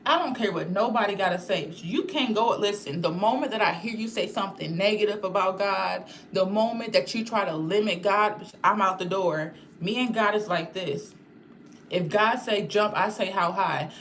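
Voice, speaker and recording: A woman's voice: mid-range voice, moderate pace, a bit bright, slight background noise. Candid young woman chatting live. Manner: candid and rambling, talking straight to viewers; swears freely. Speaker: channel host reading live chat. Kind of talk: casual live-stream chat.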